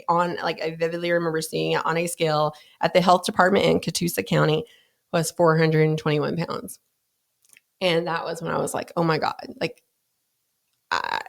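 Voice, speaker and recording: A woman speaks in a low, gravelly voice, full of vocal fry. She talks candidly and earnestly as a podcast guest, with plenty of "like"s and "you know"s. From American South. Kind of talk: candid conversational storytelling.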